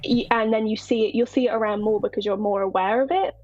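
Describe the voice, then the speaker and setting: A woman chatting casually on a game dev live stream, telling stories in an animated way with quick laughs. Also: fairly high pitch, dull audio, loud music behind the voice.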